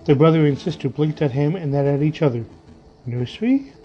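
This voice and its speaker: A man narrates a story in a measured, dramatic way, his voice sitting a little high for a man. The recording sounds muffled and lo-fi, with faint music playing underneath. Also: fairly even intonation. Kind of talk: audiobook story reading. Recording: dull lo-fi audio with faint music.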